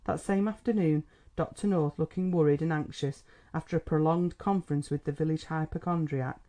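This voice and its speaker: A man reading classic fiction aloud for an audiobook, measured and even. His voice is mellow and warm, with a relaxed tone. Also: on the high side. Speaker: audiobook narrator. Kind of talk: scripted narration.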